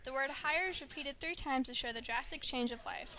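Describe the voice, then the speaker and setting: A woman's voice: high-pitched, fairly quick. Woman reading a school essay aloud. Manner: reads from a prepared essay with steady delivery. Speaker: student presenter. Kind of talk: reading a literary analysis aloud.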